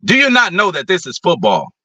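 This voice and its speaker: A man hosting a show, ranting about football in a blunt, profane, animated way. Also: sits high, a little fast, husky, dry recording. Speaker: podcast host. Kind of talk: casual opinion rant.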